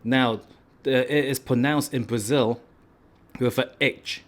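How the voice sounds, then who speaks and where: A man's voice: mid-range voice, fairly even intonation, unhurried. A man hosting a food and travel vlog, joking and rambling in a casual way with lots of "right?". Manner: playful, rambling, tag questions like "right?".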